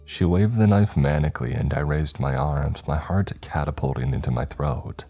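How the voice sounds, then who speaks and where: A man narrating a horror story in a measured, dramatic way. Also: rumbling low, warm tone, husky. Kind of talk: scripted narration. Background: faint background music.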